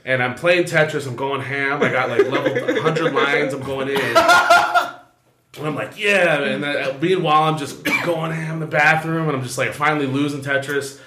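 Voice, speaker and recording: A man's voice: fairly high pitch, fairly even intonation, normal speed, pushed and bright. A man telling a story in casual podcast chat, slangy and often laughing. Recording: echoey room with crowd noise.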